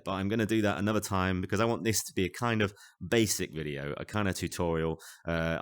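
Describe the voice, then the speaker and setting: A man with a very low voice walks through a VR music app in a loose, chatty tutorial. He talks quickly and wanders into asides, often poking fun at himself. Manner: chatty, rambling, self-deprecating, with many asides. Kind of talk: casual tutorial walkthrough. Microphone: desk microphone.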